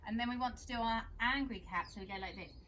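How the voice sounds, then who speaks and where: A young woman, gently guiding children through a yoga class with steady encouragement. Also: fairly high pitch, fast talker, a little hiss or hum. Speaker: kids yoga teacher.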